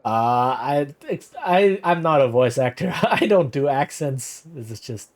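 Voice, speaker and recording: A man's voice: fairly high pitch, animated, measured pace. A man streaming a game, chatting casually with many fillers and hedges. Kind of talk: casual gameplay commentary.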